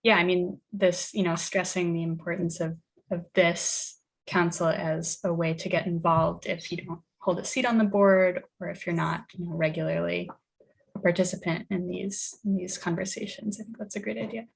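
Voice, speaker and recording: A woman on a council's video call, talking in an agreeable, hesitant way with a gravelly voice. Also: fairly low pitch, steady tone, moderate pace, rough recording. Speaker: council member. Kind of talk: casual virtual meeting talk.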